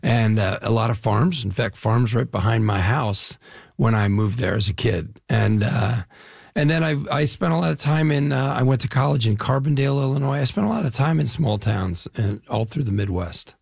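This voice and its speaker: An older man with a husky, gravelly voice talks eagerly through his stories in a casual interview. He rambles a little and restarts, always keen. The sound is dry and close. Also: medium pitch, normal speed, a little mellow, dry recording. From Chicago area, USA. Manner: enthusiastic, rambling storyteller. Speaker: actor guest.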